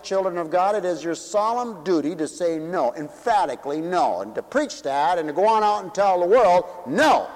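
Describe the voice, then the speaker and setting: A man preaching a sermon, asking rhetorical questions and swinging between forceful peaks and hushed low drops. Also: long reverb tail, low-quality recording. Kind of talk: sermon to a congregation, also broadcast on radio.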